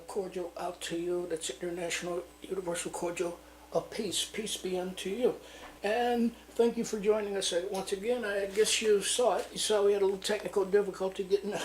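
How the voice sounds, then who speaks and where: Man, TV host, rambling, many fillers, roomy sound, faint noise. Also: sits high. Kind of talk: local TV show opening.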